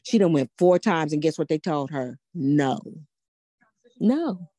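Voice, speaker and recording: A woman's voice: low-pitched, lively intonation, slow pace, warm tone, dry recording. An older woman hosting a podcast, telling a story to a live audience in a blunt, profane, emphatic way and asking a lot of rhetorical questions. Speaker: podcast host.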